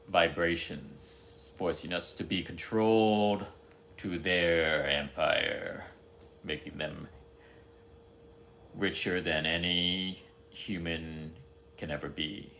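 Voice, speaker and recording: A man putting on the voice of a dramatic movie trailer announcer, speaking slowly and ominously. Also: low voice, vocal fry, fairly bright tone, slight background noise, heavily acted. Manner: slow, drawn-out, ominous delivery. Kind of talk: mock movie trailer narration.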